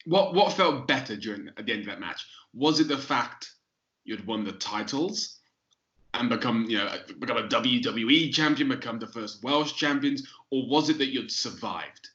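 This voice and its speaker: A male interviewer puts a question to his guest in a measured, halting way. His voice is bright and forceful, with a middle pitch. The sound is roomy with echo and comes through dull and lo-fi. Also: lively intonation. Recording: echoey, muffled lo-fi sound.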